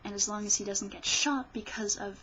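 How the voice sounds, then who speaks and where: A woman's voice: mid-range voice, fairly even intonation, a little fast, sharp tone, slight background noise, low-quality recording. A woman vlogger ranting about politics in a rambling, sarcastic way, often restarting her sentences. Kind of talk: casual political rant.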